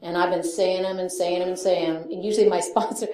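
A woman's voice: lowish voice, fairly even intonation, quick pace, dark tone, roomy sound, a little hiss or hum. A middle-aged woman speaking candidly at a recovery meeting, swearing freely, laughing often and acting out the voices of people she quotes. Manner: profane, self-mocking, laughs often, acts out quotes. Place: meeting hall.

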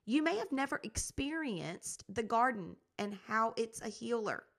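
A woman's voice: fairly high pitch, very animated, measured pace, fairly bright tone. A woman hosting her own gardening podcast, talking in an upbeat, encouraging, conversational way. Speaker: podcast host and garden coach. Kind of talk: casual podcast talk.

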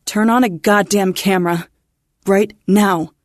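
A woman's voice: medium pitch, steady tone, measured pace, gravelly, warm tone, husky, no echo, clean studio sound. A woman voicing a tense young woman, the pilot's partner, asking tight, upset questions. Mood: furious.

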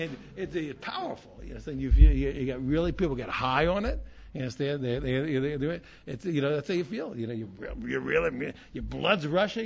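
A man teaching an informal Torah class, animated and repetitive, often asking "you understand?". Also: a little high, fairly quick, gravelly, breathy edge, muffled recording.

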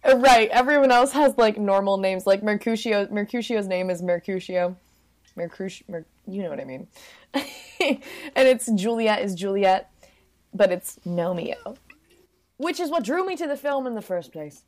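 A woman's voice: mid-range voice, animated, moderate pace, a little mellow. A woman casually and playfully recapping a film in conversation, acting out characters in silly voices. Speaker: podcast co-host recapping a film. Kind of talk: casual chat.

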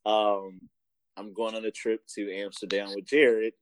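A man's voice: on the low side, a little slow, clear, resonant tone, no room sound. A man co-hosting a casual podcast, telling a story with lots of laughter. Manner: animated storytelling, laughs often, does voices in anecdotes. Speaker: podcast co-host.

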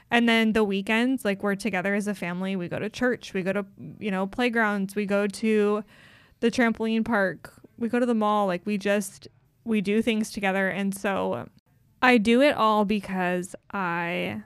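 Smooth-voiced woman, heartfelt podcast chat. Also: mid-range voice, no room sound. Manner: heartfelt, confessional, with many "like" fillers. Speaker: podcast co-host.

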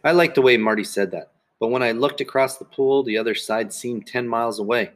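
A man narrates a children's story aloud in the first person, his voice mid-pitched and even. The reading is plain and steady, told as an audiobook. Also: fairly quick.

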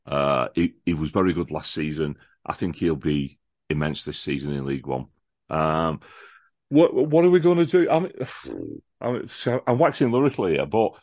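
A deep-voiced man, heard in studio quality with no echo, joins a podcast to preview a football match. He has supported the visiting club all his life and talks chattily and keenly, frequently restarting sentences and repeating words.

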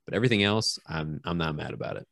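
Deep-voiced man with dry close sound. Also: fast, vocal fry, fairly bright tone, no echo. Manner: stammering restarts, wry questions. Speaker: podcast co-host. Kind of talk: casual chat.

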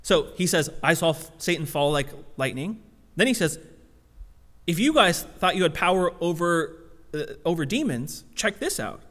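A man preaching a sermon as pastor, in a conversational, animated way full of casual fillers. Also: a little high, normal speed, long reverb tail.

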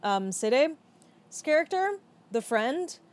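A woman with a high voice speaks slowly, her pitch swinging widely, as she co-hosts a casual podcast chat reviewing a film. She talks frankly and swears freely.

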